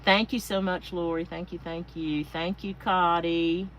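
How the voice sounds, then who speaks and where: A woman's voice: fairly low pitch, fairly even intonation, a little slow, fairly bright tone, slight background noise, poor audio. Chatty woman hosting a craft livestream. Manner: chatty, thanks viewers by name, rambling asides. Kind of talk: casual live-stream chat. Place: home craft space.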